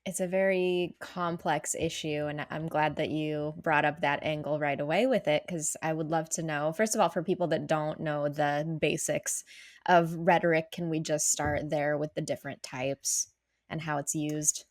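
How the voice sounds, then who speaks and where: Low-voiced woman podcast host. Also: steady tone, normal speed. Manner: engaged, curious questioning. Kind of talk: interview questions.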